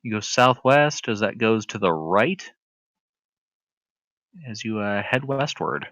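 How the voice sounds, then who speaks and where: A man narrating a tabletop role-playing game, his voice bright and forward. He swings his pitch widely as he describes the scene, recorded close and dry with no room sound. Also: takes it slowly, dry recording. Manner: lively, animated narration with sudden shrieks. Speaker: game master.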